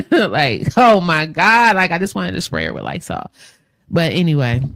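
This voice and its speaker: A woman hosting a casual radio talk show, chatty and lively, acting out quotes as she tells stories. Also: fairly low pitch, measured pace, vocal fry, no echo, clean studio sound. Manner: chatty, animated storyteller, acts out quotes. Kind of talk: casual chat interview.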